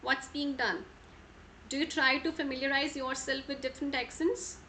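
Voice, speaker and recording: Bright high-voiced Indian woman teaching. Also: fairly even intonation, moderate pace, a little hiss or hum. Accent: Indian English. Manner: repetitive, checks in with students by name; switches into Hindi mid-sentence. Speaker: IELTS trainer. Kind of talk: live online class.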